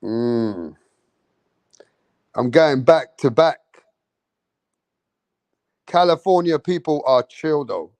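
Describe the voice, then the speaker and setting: A man's voice: mid-range voice, lively intonation, extremely slow, long pauses, darkish tone, dry recording. A man chatting loosely on a livestream, rambling and swearing as he reads viewer comments. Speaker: livestream host. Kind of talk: casual livestream chat reading viewer comments.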